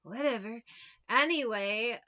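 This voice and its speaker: A woman's voice: fairly high pitch, takes it slowly, lo-fi sound, very noisy. A woman giving a casual tarot reading, sassy and profane, who drifts off on tangents. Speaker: tarot reader.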